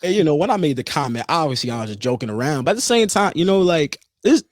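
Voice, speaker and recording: A young man in his early twenties talking in a casual podcast chat, his pitch a touch high and swinging widely as he jokes and laughs loudly. The sound is dry and close to the mic. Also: quick pace, dry recording. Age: early 20s. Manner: animated, joking, loud laughs. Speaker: podcast co-host.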